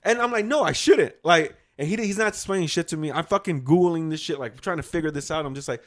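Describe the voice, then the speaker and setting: A man's voice: on the high side, fast. A young man co-hosting a casual podcast chat, telling a story with lots of swearing and acted-out quotes. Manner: animated, profane, acts out quotes. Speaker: podcast co-host.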